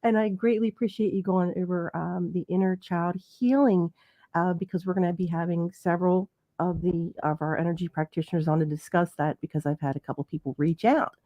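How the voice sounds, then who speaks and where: Low-voiced woman host on dull, dry audio. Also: fairly even intonation, a little fast. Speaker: interview host. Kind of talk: casual interview chat.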